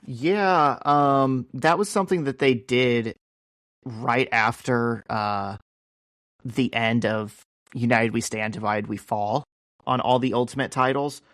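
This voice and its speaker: A man hosts a podcast, telling a comic book story in a relaxed, chatty way full of fillers and restarts. His voice sits at an ordinary middle pitch. The sound is dry and close to the mic. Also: slow pace, no room sound. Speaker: podcast host. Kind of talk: casual comic book recap.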